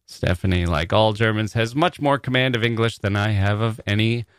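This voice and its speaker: A man's voice: fairly low pitch, moderate pace, a bit bright, smooth, no room sound, clean studio sound. A man hosting a podcast, reading listener mail with wry, joking asides. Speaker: podcast host.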